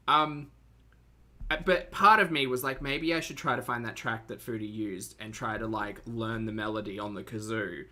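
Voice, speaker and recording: A woman's voice: a bass voice, lively intonation, brisk, sharp tone. A woman streaming live, reacting to videos with sarcastic, teasing commentary and thanking her chat.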